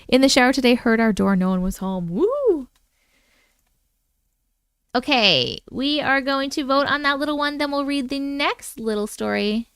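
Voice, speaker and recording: A woman's voice: high-pitched, animated, normal speed, a bit bright, clear, resonant tone, dry recording, clean studio sound. A woman hosting a casual livestream, chatting playfully and talking to herself between the viewer stories she reads. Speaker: host reading viewer stories.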